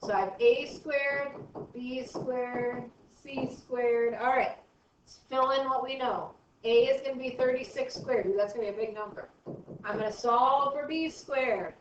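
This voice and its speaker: High-pitched lady teacher working math problems out loud, kinda far from the mic, muffled. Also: a little hiss or hum. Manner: chatty, thinks aloud while working problems. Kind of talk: recorded math lesson. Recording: dull, roomy, from off mic.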